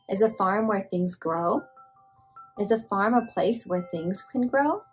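A woman's voice: fairly high pitch, gravelly, a little mellow. A woman hosting a toddler show, asking the viewer simple questions and making animal sounds. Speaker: children's show host. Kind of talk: slow sing-song talk to toddlers.

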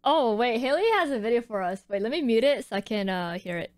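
A high, bouncy young woman on a stream, her pitch leaping about as she gasps and shrieks at her pulls. She speaks unhurriedly into a close, dry mic. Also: brisk, no echo. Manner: excitable, gasping and shrieking at pulls. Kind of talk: live-stream gacha reactions.

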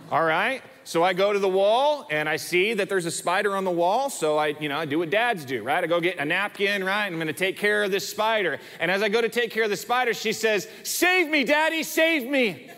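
In a church sanctuary, a male pastor delivers an emphatic sermon, frequently repeating words to drive points home. His voice sits high and is a bit bright, fairly quick with few pauses, and the hall's long reverb fills the recording.

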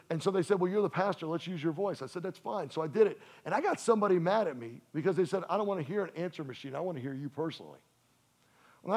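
A man's voice: on the high side, creaky, darkish tone. A man from Louisiana, preaching a sermon in a folksy, joking, conversational way to his church. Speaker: pastor. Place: church sanctuary.

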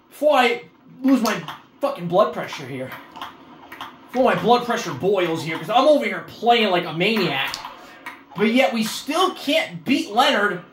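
Swearing, yelling woman gamer in an echoey room. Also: fairly high pitch. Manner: frustrated, swears a lot and yells at the game. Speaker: video game player. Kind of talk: let's-play commentary. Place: room at home while playing a motion-control console. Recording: echoey room with faint game music.

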